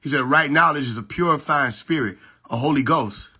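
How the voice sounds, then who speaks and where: Guy preaching on his phone live, slightly high voice, keeps repeating himself and firing off questions. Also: brisk, loud music behind the voice. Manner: emphatic, repeats lines and asks rhetorical questions. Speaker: live-stream host. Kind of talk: casual preaching on a live stream.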